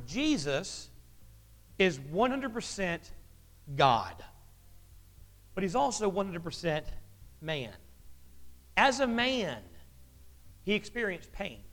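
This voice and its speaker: High-voiced joking preacher in an echoey hall. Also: male voice. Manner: conversational and joking, with lively pitch jumps. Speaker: pastor. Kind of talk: sermon.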